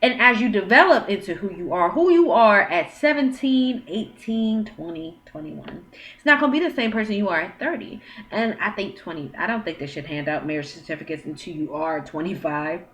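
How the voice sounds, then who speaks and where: A woman in her thirties talks straight to camera at home, giving dating advice. Her voice sits at an ordinary middle pitch. She is frank and chatty, acting out conversations and firing off blunt questions. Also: lively intonation, normal speed, fairly bright tone. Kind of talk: casual advice monologue. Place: at home, with her child nearby.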